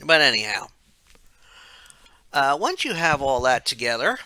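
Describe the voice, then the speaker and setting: Man, game reviewer, casual rambling narration, bright voice, self-corrections. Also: mid-range voice, very animated, unhurried, no room sound.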